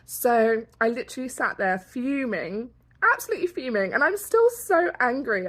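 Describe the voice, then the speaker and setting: British female travel vlogger, higher voice, fired-up and exasperated, talking from a hotel room. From Britain. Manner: exasperated, animated ranting with laughs. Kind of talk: casual vlog rant.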